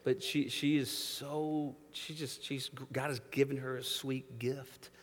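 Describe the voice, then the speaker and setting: A man in his thirties, a pastor preaching a sermon in a church sanctuary, animated, swinging between hushed and loud and acting out voices as he talks. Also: mid-range voice, slow, in a large hall.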